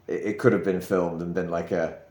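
A man from England with a lowish voice, chatting on a podcast. He tells stories animatedly, acting out what people said. The recording has a roomy echo. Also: brisk. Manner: storytelling, animated when acting out quotes. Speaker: podcast co-host. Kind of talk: casual chat.

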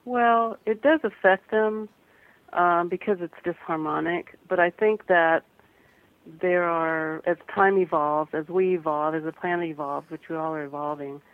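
A woman from the American Midwest, a guest photographer and author, speaking earnestly and gently with some restarts in a radio interview. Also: fairly low pitch, a little slow, no room sound. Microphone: phone. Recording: tinny phone line.

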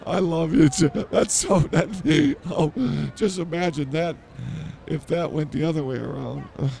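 A man's voice: fairly high pitch, animated, unhurried, gravelly, warm tone. A man hosting a comedy podcast who blurts things out and mocks himself in improvised banter. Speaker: podcast host.

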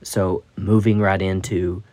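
A man's voice: low-pitched, flat delivery, slow, a little mellow, no room sound. A man hosting a Bible study podcast, teaching scripture in a thoughtful, musing way with frequent restarts.

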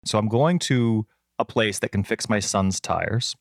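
A middle-aged man with a fairly low voice tells a story in a casual podcast chat, acting out the voices as he goes. The sound is dry and close. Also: unhurried, gravelly, no echo. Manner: animated storyteller, acts out quotes. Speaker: podcast co-host.

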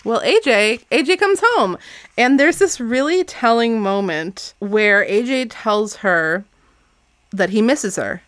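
A woman's voice: on the high side, animated, slow pace, fairly bright tone, no echo. A young woman co-hosting a casual book podcast, laughing often and reading passages aloud. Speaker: podcast co-host.

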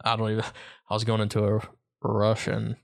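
Laid-back low-voiced podcast host. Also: male voice, completely flat delivery, brisk, gravelly. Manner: easygoing, joking, trails off mid-sentence. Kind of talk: casual chat.

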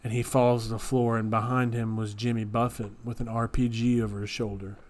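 A man's voice: medium pitch, a little fast. A man co-hosting a podcast, telling absurd made-up stories with a straight face in casual chat. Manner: deadpan, straight-faced storytelling of absurd tales. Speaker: podcast co-host.

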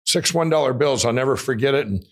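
An excitable man telling a rambling personal story as an interview guest, often laughing while he talks. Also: mid-range voice, fast, breathy edge. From Minnesota. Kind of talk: animated storytelling.

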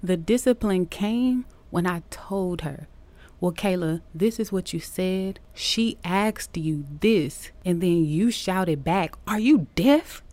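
A woman hosting a podcast, talking casually about teaching and acting out lively quotes from her classroom. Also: fairly low pitch, takes it slowly. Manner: animated storytelling, acting out quotes.

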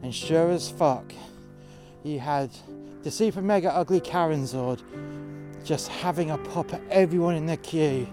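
A man's voice: on the high side, a little slow, music in the background. Blunt, swearing man telling a story. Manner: blunt, swearing, tough-talking. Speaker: storyteller, door security worker. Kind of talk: profane storytelling. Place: outdoors in freezing cold.

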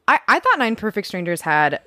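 A woman's voice: mid-range voice, very animated, brisk, bright, forceful tone, no echo, studio quality. A woman co-hosting a podcast in casual chat, blunt and laughing often. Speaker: podcast co-host.

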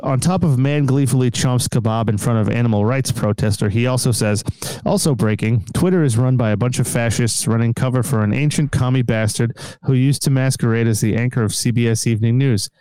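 A man's voice: medium pitch, a little fast, hardly any pauses, mellow, clean tone, dry recording. A man hosting a podcast, reading news stories in a crude, joking casual chat. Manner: crude, joking, laughs often. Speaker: podcast host.

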